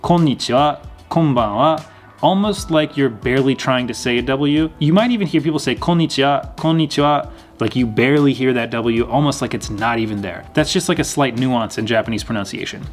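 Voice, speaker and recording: A man's voice: medium pitch, soft background music. Patient male language teacher. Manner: patient, repeats words slowly and clearly. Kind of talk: explaining lesson.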